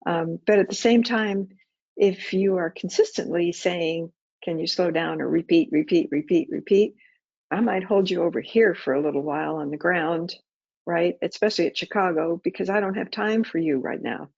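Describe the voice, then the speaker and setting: Gravelly woman, ex air controller. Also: lowish voice, normal speed, a little mellow, no echo. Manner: practical, conversational, acts out radio calls. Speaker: former air traffic controller, guest. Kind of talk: webinar Q&A answers. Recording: dull muffled webinar audio.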